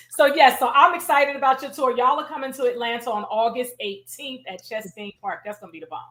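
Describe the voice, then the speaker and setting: A woman hosts a casual interview in a fairly high voice. She talks with enthusiasm and slang and tells her stories with gusto. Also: brisk, fairly bright tone. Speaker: host. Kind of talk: casual chat.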